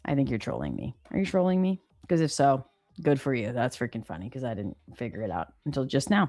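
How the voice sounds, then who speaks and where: A woman's voice: rumbling low, very animated, quick pace, mellow, no echo, studio quality, faint music behind. A woman hosting a live trading stream, chatting casually, reading viewer comments and laughing often. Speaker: livestream host.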